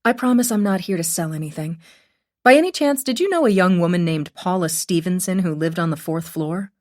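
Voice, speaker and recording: An earnest young woman questioning neighbors, voiced by a female audiobook narrator in nearly her own voice. She asks her questions politely and eagerly. Her voice sits quite low. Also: expressive, a little fast, darkish tone, natural voice.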